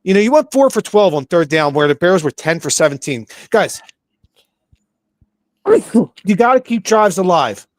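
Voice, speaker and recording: A man's voice: high voice, sing-song, moderate pace, long pauses, no room sound. A man, co-hosting a podcast and ranting about a game in a profane, heated way, repeating himself. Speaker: podcast co-host. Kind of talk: casual sports rant.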